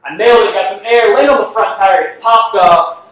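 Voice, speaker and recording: A man's voice: sits high, fairly quick, a bit bright. A man performing a self-deprecating stand-up comedy set, laughing at his own jokes on a club stage. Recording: echoey club from far off with faint noise.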